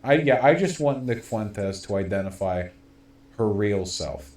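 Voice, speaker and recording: Sardonic low-voiced male streamer, roomy sound. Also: expressive, measured pace, a little mellow. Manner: rambling, sardonic, many fillers. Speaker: political streamer. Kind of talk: live stream commentary.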